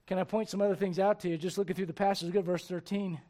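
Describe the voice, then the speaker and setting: A male pastor delivering a sermon in a notably high voice. He presses his points with rhetorical questions and moves from loud urgency to a hushed, grave tone. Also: fairly even intonation, racing. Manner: emphatic, many rhetorical questions; swings between loud urgency and hushed gravity.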